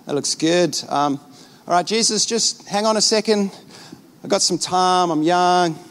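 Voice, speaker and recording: An easily tempted young believer, eager one moment and sheepish the next, as a preacher acts him out. His voice runs fairly high and slides into mumbled excuses. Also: unhurried, a bit bright, smooth.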